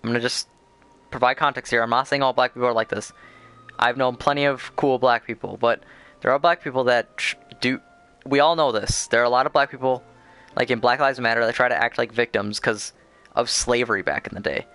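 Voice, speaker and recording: A man's voice: mid-range voice, fairly quick, fairly bright tone, clean tone. A man streaming a game, talking casually in a rambling, crude, opinionated way with lots of fillers. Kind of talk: casual chat over gameplay.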